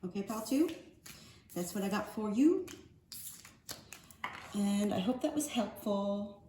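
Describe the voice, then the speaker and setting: A woman reads oracle cards in a loose, meandering way, tossing in casual slang as she goes. Her voice sits at an ordinary middle pitch. The recording is echoey, with a faint hum of ambient noise behind her. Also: expressive, a little slow, warm tone. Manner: loose, rambling, slangy chat. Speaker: spiritual card reader. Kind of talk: casual oracle card reading.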